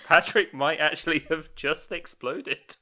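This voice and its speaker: A man co-hosting a podcast, retelling scenes with animated laughs and casual swearing in a loose chat. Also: on the high side, measured pace. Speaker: podcast co-host.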